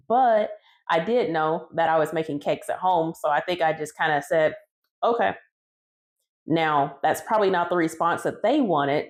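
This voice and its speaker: A woman who bakes cakes, recounting her story casually in a conversational vlog. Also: deep voice. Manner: casual, conversational, retelling dialogue. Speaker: home cake baker telling her story.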